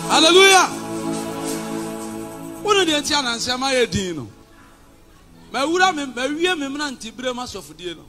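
Fiery Ghanaian preacher, high voice. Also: male voice, big pitch swings, normal speed, over music. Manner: shouting, preaching in Twi and English, defiant. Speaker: pastor. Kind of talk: fiery sermon.

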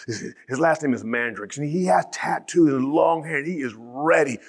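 A middle-aged man from Ohio giving a motivational keynote, telling stories with animated, shouted emphasis. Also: fairly high pitch, moderate pace, creaky. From Columbus, Ohio. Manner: animated, shouting storyteller with rising emphatic lines. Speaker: motivational speaker.

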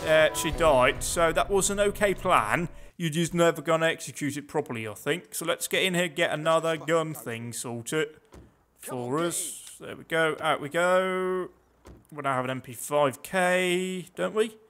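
A man's voice: a little high, a little slow, fairly bright tone. A man giving sarcastic, chatty let's play commentary, talking back to the characters on screen. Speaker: gaming video host.

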